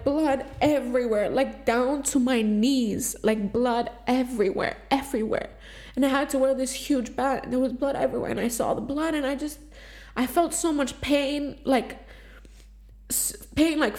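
A woman with a high-pitched voice speaks in a raw, unscripted confessional monologue. She talks emotionally, swearing freely and circling back with fillers and restarts as she goes. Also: darkish tone. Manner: rambling, filler-heavy with frequent restarts. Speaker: vlogger sharing a personal story.

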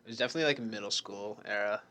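A man co-hosting a casual podcast, quick to laugh and throw in wisecracks. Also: fairly low pitch, pushed and bright. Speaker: podcast co-host. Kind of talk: casual chat.

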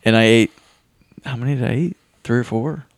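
A man's voice: medium pitch, fairly quick, no echo. A man tasting a family breakfast, easygoing and a little hesitant when he has to pick a favorite. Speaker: guest taster. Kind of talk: casual family chat.

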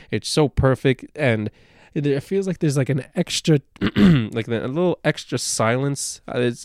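A man's voice: mid-range voice, clear, resonant tone, dry recording, studio quality. A man co-hosting a podcast, talking casually and at length, swearing freely and filling gaps with uh and you know. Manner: animated, swears freely, rambling with many fillers. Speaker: podcast co-host.

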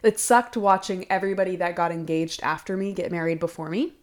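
A young woman in casual podcast chat, talking fast and loose with lots of "like" and the odd swear. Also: on the low side, steady tone. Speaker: podcast co-host.

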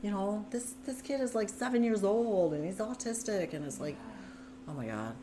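A woman's voice: medium pitch, lively intonation, normal speed, background noise. A woman as a guest, earnestly recounting her own story in conversation, with lots of "you know" and "like". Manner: earnest, tumbling narration full of "you know" and "like". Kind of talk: candid personal storytelling in conversation.

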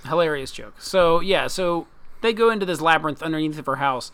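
A man's voice: on the high side, lively intonation, a little fast, a crowd in the background. A man leading a casual podcast recap, rambling loosely through the plot with fillers. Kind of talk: casual chat recapping an anime.

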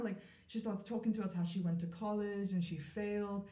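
A woman from South Africa, a podcast guest, telling a personal story in casual talk, animated and full of "like" fillers, acting out what others said. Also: medium pitch, fast, hardly any pauses. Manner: animated, acts out quoted voices, frequent "like" fillers. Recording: roomy echoey room.

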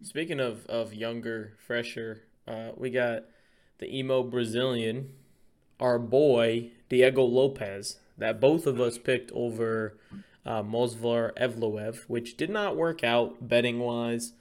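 Man, podcast co-host, casual chat, excitable, swears a lot, mid-pitched voice. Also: slow pace. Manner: excitable, profane, hypes up his picks.

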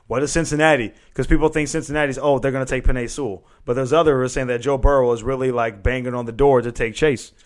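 A man co-hosting a podcast, calmly explaining sports scenarios step by step in casual chat. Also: mid-range voice, fast talker, few pauses. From Southern California. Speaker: podcast co-host.

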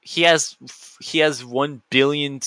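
On his solo podcast, this host speaks slowly in a slightly high, steady voice, goofing around, rambling, and often interrupting his own sentences. The tone is sharp and there's no echo.

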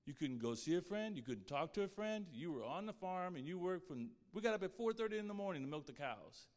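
A man with a somewhat high voice gives an earnest, heartfelt faith testimony. His words carry a long reverb, as if spoken in a large hall. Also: very animated, brisk, darkish tone. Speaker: guest speaker sharing his testimony.

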